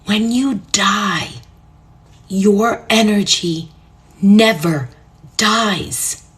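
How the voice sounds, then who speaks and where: A middle-aged woman, a numerologist telling an emotional personal story to live viewers, intense and earnest, dropping at times to a soft whisper. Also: medium pitch, drawn-out words. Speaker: numerologist hosting a live stream.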